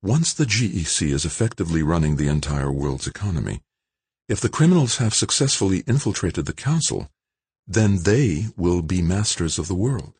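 A man's voice: low-pitched, sing-song, normal speed, darkish tone, breathy edge, no room sound, pitched above the performer's own voice, exaggerated voice. A man voicing a determined woman politician who speaks firmly and urgently. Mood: earnest, urgent. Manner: firm, earnest and urgent.

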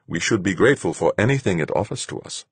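A man's voice: low-pitched, animated, fast, breathy edge, dry recording, voice pushed up, exaggerated voice. A cheerful, eager young crewman, earnest and grateful in tone, as a male narrator puts him on. The voice is lifted above the narrator's own, with a slight huskiness. It sounds close and dry.

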